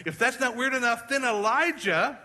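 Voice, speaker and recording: A man preaching a sermon as pastor, animated and joking with the congregation, slowing down for emphasis. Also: very high-pitched. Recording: hall reverb.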